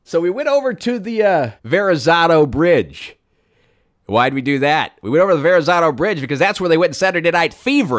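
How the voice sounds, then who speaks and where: A man telling a rambling, absurd comic story in a deadpan way, with sudden excited bursts. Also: a little high, fairly quick. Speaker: comedic storyteller.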